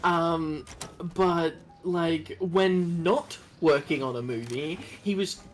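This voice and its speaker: A man's voice: on the high side, slow, soft background music. Rambling young man on a game stream. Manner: rambling, many "like" fillers, laughs often. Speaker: co-player guest on a game stream. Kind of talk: casual gaming chat.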